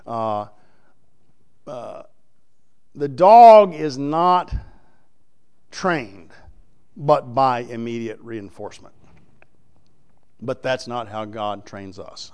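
A middle-aged man preaching a folksy, emphatic sermon to his congregation, sometimes rising into loud, high exhortation. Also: animated, takes it slowly, pauses often, smooth.

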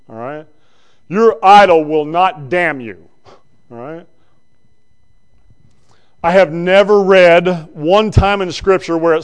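A male preacher giving a conversational sermon that swings between loud bursts and quiet asides. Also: on the high side, clear, resonant tone.

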